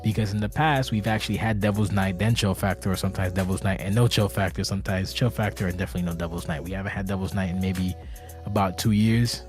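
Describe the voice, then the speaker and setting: A man's voice: low voice, fairly even intonation, fast, faint music behind. A man giving a rambling, profane, casual podcast monologue to his community, tired and anxious, talking from a seat indoors. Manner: rambling, profane, self-interrupting. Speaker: community leader of an online wrestling game league. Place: indoors, seated.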